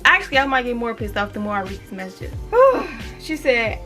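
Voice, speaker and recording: A young woman, telling a storytime on her vlog in an animated way, swearing freely and reading text messages aloud. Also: a little high, a little fast, few pauses, faint music behind. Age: 20s. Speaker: vlogger. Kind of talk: casual storytime.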